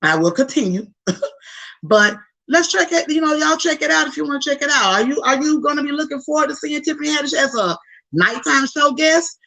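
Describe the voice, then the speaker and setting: A woman hosting a podcast, chatting casually about celebrity gossip with animated, slangy asides to her listeners. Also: high-pitched, fairly quick, gravelly, low-quality recording. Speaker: podcast host.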